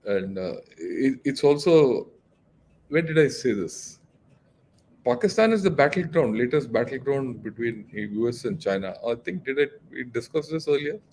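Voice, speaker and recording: A man's voice: mid-range voice, animated, moderate pace, darkish tone, a little hiss or hum. An older man, a retired general, giving analysis in a casual talk with a lecturing, emphatic manner and many fillers. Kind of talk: casual discussion.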